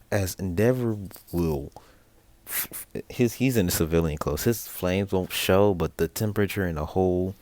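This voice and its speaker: A young man tells a made-up fan story in a loose, rambling way, full of fillers and self-corrections. His voice sits very low and deep. The recording is dry and close. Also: moderate pace, a little mellow, no room sound. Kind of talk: casual improvised storytelling.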